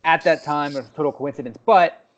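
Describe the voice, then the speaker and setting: Young man, podcast co-host, fairly high voice, animated storytelling, dull lo-fi sound. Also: fairly quick. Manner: animated storytelling, acts out quoted people. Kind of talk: casual chat.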